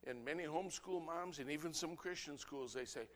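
A man, a pastor, preaching an impassioned sermon that swings between loud outbursts and low, earnest asides. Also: fairly quick. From United States.

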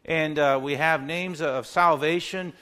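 Bright-voiced earnest male preacher. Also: a little high, fairly even intonation, a little slow. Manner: earnest, repeats words when emphatic, acts out prayers. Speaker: pastor. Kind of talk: sermon.

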